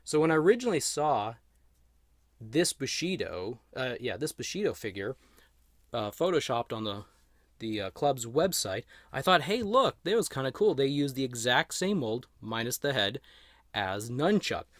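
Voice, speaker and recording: A man's voice: medium pitch, sing-song, normal speed, no room sound, clean studio sound. A man giving a chatty, easygoing toy unboxing and review, talking to the camera as he handles the figure. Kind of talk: casual unboxing commentary.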